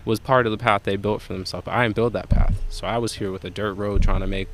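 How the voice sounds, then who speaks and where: Young jamaican-born guy ranting about an old job, cussing a lot, lowish voice. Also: quick pace. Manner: profane, rambling, animated. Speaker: podcast guest. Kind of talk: casual storytelling chat.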